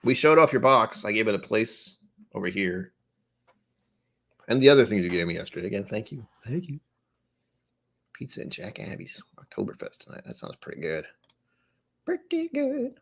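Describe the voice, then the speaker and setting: A man's voice: fairly low pitch, lively intonation, fairly quick, vocal fry, fairly bright tone. A man hosting a casual whiskey tasting livestream, thinking aloud and correcting himself as he goes.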